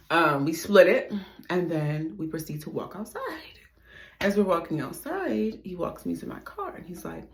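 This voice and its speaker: A young woman with a slightly low, gravelly voice tells a storytime vlog in an echoey room. She's casual, animated and profane, swinging between loud exclamations and hushed, muttered asides.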